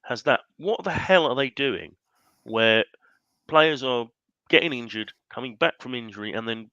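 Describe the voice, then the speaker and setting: A man's voice: medium pitch, normal speed, bright, forceful tone, clean tone, no echo, highs cut off. A man joining a football podcast as a guest, talking bluntly and with exasperation, swearing casually.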